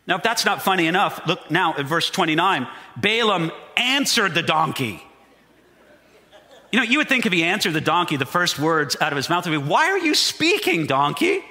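A pastor preaching an emphatic, animated sermon in a high, bright voice that rises and falls widely. The voice rings through a long hall reverb. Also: male voice, moderate pace.

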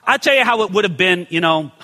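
A male pastor with a high-sitting voice preaches quickly in a big-room space. His expository sermon is conversational and animated, full of rhetorical questions as he acts out the people in the passage.

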